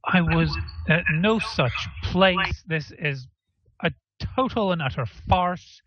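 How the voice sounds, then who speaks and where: A man's voice: sits high, expressive, slow, no echo, dull audio, pitched above the performer's own voice, exaggerated voice. A man voicing Wormwood, a stern, pompous male therapist who speaks in clipped, indignant sentences.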